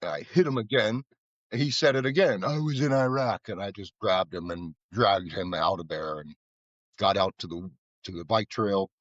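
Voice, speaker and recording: A man's voice: sits low, normal speed, fairly bright tone, dry recording, muffled recording. An American man from Florida, a guest telling loose, rambling stories in casual conversation, with lots of "you know" and repeated words. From Florida, USA. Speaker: guest, flower bike artisan.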